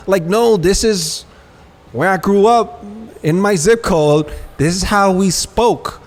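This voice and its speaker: A man with a high voice talks slowly while co-hosting a casual podcast. He spins animated stories and delivers the quotes in them using street slang.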